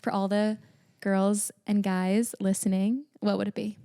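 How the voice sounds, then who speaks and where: A woman hosting a podcast, asking open questions in a relaxed, friendly manner. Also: medium pitch, unhurried, clean tone. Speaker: podcast host. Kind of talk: casual interview chat.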